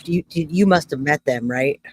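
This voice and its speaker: A man's voice: a little high, moderate pace. A man hosting a podcast interview, talking loosely and stumbling over his words. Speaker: podcast host. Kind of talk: casual interview.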